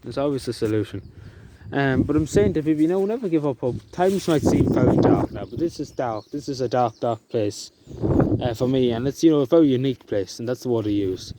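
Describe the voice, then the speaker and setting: A man talking to camera outdoors in the countryside, halting and emotional, with many fillers and restarts. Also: mid-range voice, expressive. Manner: soft-spoken and emotional. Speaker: vlogger. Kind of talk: emotional outdoor vlog talk. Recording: outdoor noise in the background.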